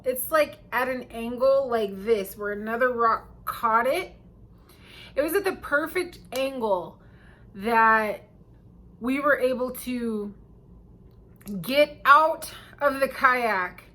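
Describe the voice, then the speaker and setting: A woman with a fairly high voice tells a story in a casual storytime vlog. She delivers it in an animated, emphatic way, getting loud at the tense parts and dropping to a hush at others. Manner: animated, emphatic, swings between loud and hushed.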